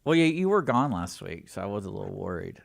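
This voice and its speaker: A man's voice: on the low side, very animated, fast, creaky, dry recording. A man co-hosting a talk radio show, chiming in with dry, teasing remarks. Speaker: radio co-host. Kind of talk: casual talk radio chat.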